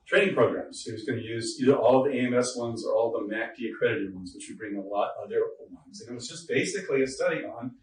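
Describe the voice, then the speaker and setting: A man giving an informal workshop lecture to teachers, chatty and joking, with asides to the audience. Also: on the low side. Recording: roomy echo, distant mic, faint noise.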